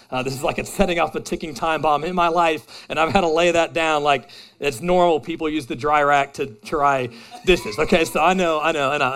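A man's voice: mid-range voice, a bit bright. A man in his thirties preaching a sermon to a live congregation, casual and self-deprecating, talking directly with the room. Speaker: pastor. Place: church hall with a live congregation.

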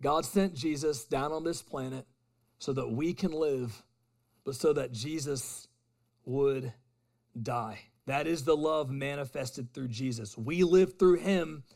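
A man preaching a sermon, moving between loud emphatic declarations and hushed storytelling. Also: mid-range voice, slow, vocal fry. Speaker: pastor.

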